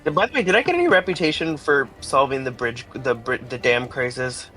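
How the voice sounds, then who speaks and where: A man playing in a tabletop game, animated and incredulous as he questions the others. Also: mid-range voice, fairly quick, soft background music, rough recording. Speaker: player. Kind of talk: casual tabletop play.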